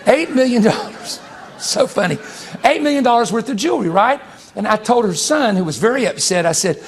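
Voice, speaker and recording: A man preaching a sermon to his congregation, animated, breaking into high exclamations and laughing as he talks to the crowd. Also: normal speed, vocal fry, husky.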